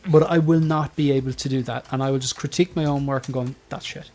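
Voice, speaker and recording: A man's voice: medium pitch, fairly even intonation, quick pace, a little mellow. A man hosting a collectors' livestream panel, chatting casually with his co-hosts, rambling and laughing as he goes. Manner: rambling, restarts and trails off, laughs often. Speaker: livestream host.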